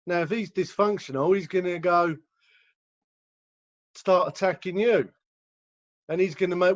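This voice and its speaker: An English man who directs a rehab center talks casually about recovery on a video call, acting out the voices of people in his examples. His voice sits high, and he speaks at a measured pace with long pauses. The audio is dull and lo-fi, typical of a video call.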